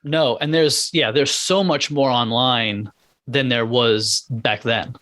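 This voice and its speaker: A middle-aged man, a pediatrician guest on a podcast, telling a personal story in a candid, halting way with many restarts. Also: medium pitch, a bit bright, no room sound.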